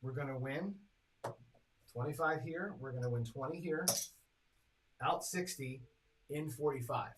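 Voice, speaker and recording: There's a noisy background behind this measured, mid-range male voice, which pauses often. He hosts live craps with a chatty manner, announcing rolls and totaling bets while speaking straight to the chat.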